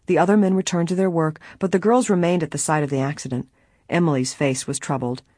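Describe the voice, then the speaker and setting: A woman narrates a story in a measured, steady way. Her voice has a slightly husky grain and is recorded close and completely dry. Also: sits low, no echo. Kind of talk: audiobook narration.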